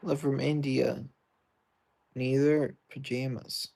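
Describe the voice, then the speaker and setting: British male streamer, gravelly, mid-pitched, rambling through viewer comments while he plays. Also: flat delivery, takes it slowly, warm tone. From Britain. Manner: rambling, reads and answers viewer comments aloud. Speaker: livestreamer. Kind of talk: casual livestream chat while gaming.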